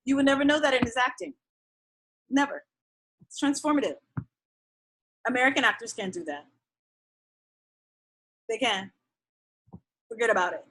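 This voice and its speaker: A woman telling stories in animated casual chat, laughing often and swinging between loud outbursts and soft asides. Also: a little high, moderate pace, long pauses.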